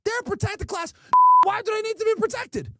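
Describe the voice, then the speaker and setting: A man's voice: very high-pitched, animated, fairly quick, bright, forceful tone, a little hiss or hum. A man streaming to his chat, ranting emphatically and mockingly with lots of rhetorical questions. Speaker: streamer and podcast host. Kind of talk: ranting commentary to a live chat.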